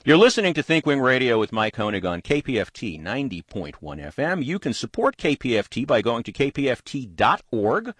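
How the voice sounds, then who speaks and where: A man hosting a talk radio show, giving measured, plain-spoken commentary and taking calls. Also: medium pitch, sing-song, a bit bright, breathy edge, no room sound.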